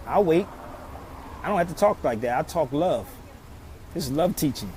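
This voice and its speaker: With traffic noise in the background, a social media commentator from Philadelphia, USA delivers an impassioned outdoor monologue. His slightly high, slightly mellow voice moves at normal speed as he preaches emphatically and repeats his pleas endlessly.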